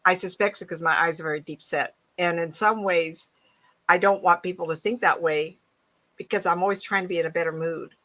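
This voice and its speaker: A woman's voice: on the low side, fairly even intonation, brisk, fairly bright tone. A woman psychic medium talking casually to an online audience through earbuds, chatty and laughing as she tells stories from her life. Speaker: psychic medium guest speaker. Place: home, mid-move.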